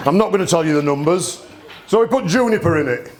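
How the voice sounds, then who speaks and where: A man's voice: on the high side, expressive, fast talker. A man hosting a live gin tasting event, talking bluntly to the audience with cheeky banter. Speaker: gin distillery host. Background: audience murmur and laughter.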